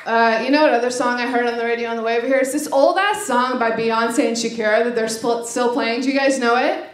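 A woman's voice: on the high side, fairly even intonation. A woman doing a stand-up set on a club stage, brash and profane, checking in with the crowd after each joke, into a handheld mic. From Lebanese family. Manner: brash, profane, quick asides with "right?". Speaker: stand-up comedian. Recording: echoey club, crowd noise.

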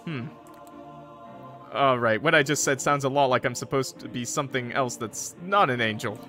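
A man's voice: mid-range voice, normal speed, pushed and bright, soft background music, lightly acted. A man voicing a smug, cocky male guardian angel, reading game dialogue in a playful, sly drawl. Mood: teasing.

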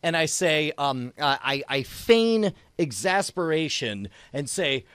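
A man playing in a tabletop role-playing game, excitable and stammering, often laughing. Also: on the high side, slow pace, few pauses, clean tone, no room sound, studio quality. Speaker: player. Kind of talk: tabletop role-play banter.

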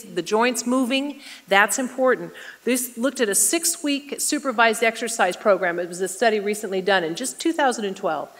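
A woman's voice: mid-range voice, fairly bright tone. Middle-aged woman lecturing in a hall. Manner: conversational, asks the audience questions. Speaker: nurse presenter. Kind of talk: community health lecture. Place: lecture room with an audience. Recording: reverberant hall.

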